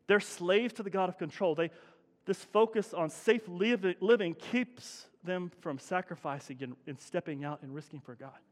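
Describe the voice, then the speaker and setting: A middle-aged man preaches a sermon with a high-pitched voice, talking to the congregation like a neighbor before pushing into loud, emphatic peaks. The sound carries the long reverberation of a church sanctuary. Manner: conversational preaching with rising emphatic bursts. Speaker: pastor.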